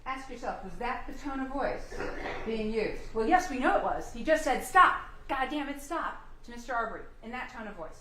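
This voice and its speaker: Woman prosecutor doing closings, higher voice, lots of pointed questions, roomy courtroom sound. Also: lively intonation, fairly quick. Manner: emphatic, rhetorical questions. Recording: echoey courtroom with faint hum.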